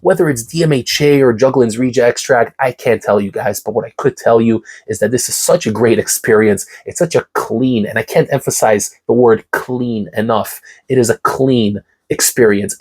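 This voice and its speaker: A man's voice: medium pitch, moderate pace, few pauses, darkish tone, breathy edge. A man, congested and getting over a cough, enthusiastically reviewing and ranking pre-workout supplements in a casual talk to camera. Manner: enthusiastic, hype-driven, repeats key words.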